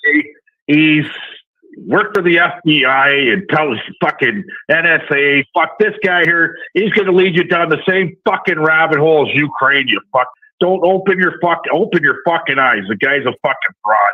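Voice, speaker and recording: A brash male caller with a Southern US accent rants in a profane stream. His voice is somewhat high for a man. It comes through a thin, tinny phone line. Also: normal speed. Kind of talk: profane call-in rant.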